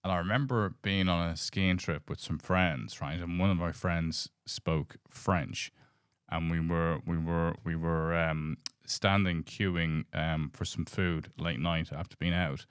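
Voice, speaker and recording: Deep-voiced man telling stories. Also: fairly even intonation, clear, resonant tone, no echo, clean studio sound. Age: late 40s. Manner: meandering, halting anecdotes with restarts. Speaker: podcast co-host. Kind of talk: casual storytelling chat.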